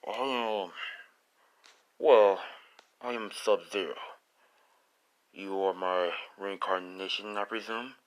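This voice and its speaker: A stern ancient ice warrior who speaks low and hushed, as if through a mask, as a man puts him on. He lectures coolly and bluntly, a gruff mentor in a homemade spoken fan story. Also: fairly even intonation, slow, pauses often.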